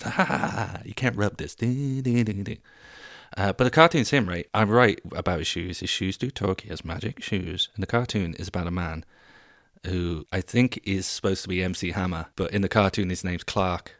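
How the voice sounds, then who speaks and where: A man's voice: low-pitched, no room sound, studio quality. A man in his thirties hosting a podcast alone, telling a rambling, self-mocking, sweary comic story. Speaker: podcast host. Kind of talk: casual comic monologue.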